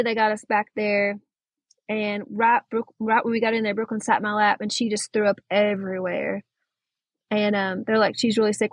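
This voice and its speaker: A woman's voice: mid-range voice, no room sound, low-quality recording. A young adult woman as a podcast guest, earnestly retelling a frightening family story with quoted dialogue. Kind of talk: personal storytelling.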